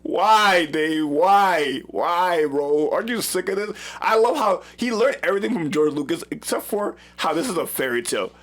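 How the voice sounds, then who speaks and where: High, lively man chatting excitedly. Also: moderate pace, hardly any pauses. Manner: animated, excitable, laughs often. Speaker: co-host of a fan review show. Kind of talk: casual chat.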